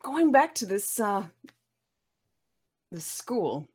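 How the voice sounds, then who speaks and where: A woman playing in a tabletop game, talking casually and quickly, slipping between table chat and her character. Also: mid-range voice, sing-song, husky. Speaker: player.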